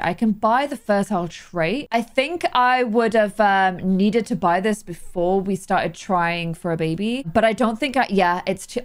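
A woman giving chatty, excitable let's play commentary, breaking into gasps and exclamations. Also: medium pitch. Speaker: gaming YouTuber.

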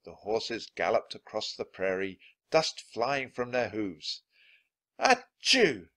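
A man reading a children's chapter book aloud, clear and deliberate for learners of English. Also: on the low side, fairly bright tone. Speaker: storybook reader.

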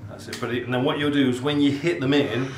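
A man's voice: mid-range voice, steady tone, fast, music in the background. A man working as a carpenter, talking apprentices through a job in a matey, encouraging way with plenty of banter. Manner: matey, encouraging, keeps saying "mate" and "lovely". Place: indoor building site, on a staircase. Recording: roomy site, distant mic, loud work noise.

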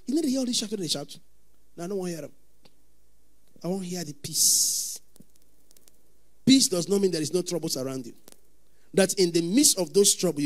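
Shouting Nigerian preacher, high voice. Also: male voice. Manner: preaching with sudden shouted outbursts. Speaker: pastor. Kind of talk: sermon.

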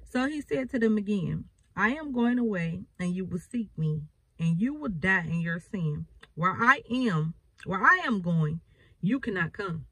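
Husky woman preaching from scripture. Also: medium pitch, animated, unhurried, fairly bright tone, no echo, poor audio. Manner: reads scripture then explains it with emphatic repetition. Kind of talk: bible reading and sermon.

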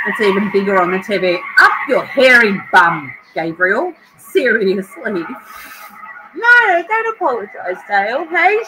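With some background noise present, a middle-aged Australian woman with a mid-range voice hosts a home livestream. She greets her viewers by name in an emotional, casual conversation.

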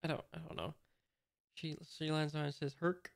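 Guy reading a comic out loud, kinda high gravelly voice, pretty flat, unsure as he goes. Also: a little fast, no room sound, studio quality. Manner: hesitant, describing panels as he goes. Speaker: host reading a manga aloud. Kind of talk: casual read-along commentary.

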